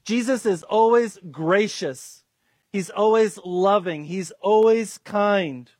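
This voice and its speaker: Pastor, man, high pitch, earnest sermon delivery, dry close recording. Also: slow, no room sound. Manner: earnest, acts out quoted voices, restarts with fillers.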